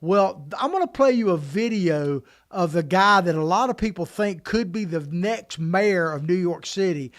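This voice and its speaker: A man co-hosting a political podcast, talking emphatically in an animated way. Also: sits high. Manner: animated, emphatic, quick restarts. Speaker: podcast co-host.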